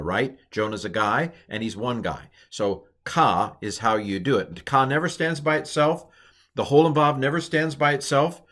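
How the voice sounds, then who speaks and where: A man teaching in a loose, conversational way, often pausing on "um" and restarting a phrase. His voice sits at an ordinary middle pitch, neither high nor low. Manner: relaxed, chatty, thinks aloud with fillers and restarts. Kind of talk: casual recorded lesson.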